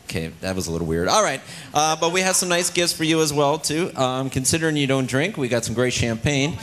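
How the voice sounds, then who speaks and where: A man's voice: fairly high pitch, lively intonation, brisk, fairly bright tone. A man hosting a talent show on a ship's stage with a handheld mic, teasing and joking with contestants. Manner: teasing, playful banter with contestants. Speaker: cruise ship talent show host. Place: ship theater stage.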